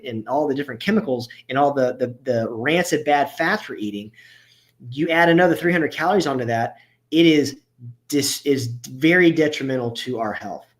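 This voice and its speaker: A man giving a casual, conversational health workshop as a chiropractor, often restarting his sentences and stressing his key points. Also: a little high. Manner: casual and conversational, with frequent restarts and filler words. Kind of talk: informal health workshop talk.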